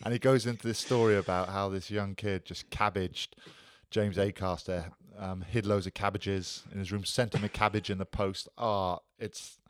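Deep-voiced man, rambling podcast chat. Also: fairly even intonation, moderate pace, hardly any pauses, dry recording. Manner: enthusiastic, rambling storyteller. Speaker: podcast co-host. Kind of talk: casual chat.

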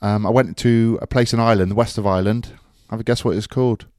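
A man's voice: fairly low pitch, fairly even intonation, fast, darkish tone, clean tone, dry recording. A man co-hosting a casual podcast, recounting his week in a laid-back, dry way. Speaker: co-host, rugby commentator.

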